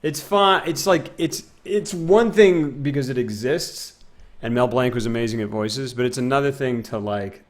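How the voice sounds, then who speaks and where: A man's voice: mid-range voice, normal speed. A young man streaming a game live, chatting casually with his viewers and rambling, self-mocking, often trailing off into mumbles.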